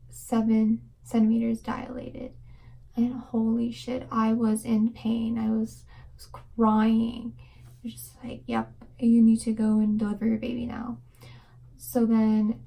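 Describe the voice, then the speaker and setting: A woman's voice: fairly high pitch, creaky, warm tone, poor audio. A young woman vlogger telling a personal story in a casual, rambling way, full of fillers and dipping into whispers. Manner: fast rambling with many fillers, drops to whispers.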